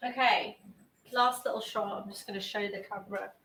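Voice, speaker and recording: Baking in her home kitchen, a young woman chats to her livestream viewers, excitable and sweary, often drifting away from the mic. Her medium-pitched voice, at normal speed with vocal fry, echoes in the kitchen over faint ambience.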